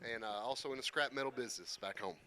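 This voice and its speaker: A man, a student auctioneer calling bids in a rhythmic rapid-fire chant. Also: medium pitch, sharp tone, a little hiss or hum. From Kentucky. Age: 20s.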